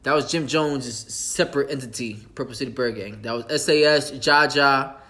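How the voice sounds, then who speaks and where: A man hosting a casual hip-hop talk podcast, loose and profane, often laughing and speaking in quick bursts. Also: medium pitch, pushed and bright. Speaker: podcast host.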